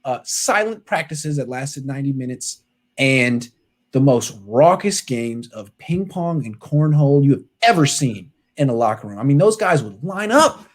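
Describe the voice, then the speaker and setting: A man hosting a sports podcast, telling stories in casual chat with sudden loud outbursts and muttered asides. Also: mid-range voice, moderate pace. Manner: excitable storyteller, jumps between loud outbursts and muttered asides.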